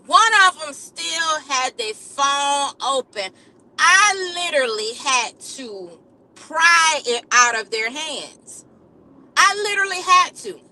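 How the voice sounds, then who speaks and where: A woman's voice: sits high, big pitch swings, slow pace, bright, forceful tone, rough recording. A woman live streamer, a nurse, telling a comic story to her chat in a dramatic, repetitive way, calling listeners baby and honey.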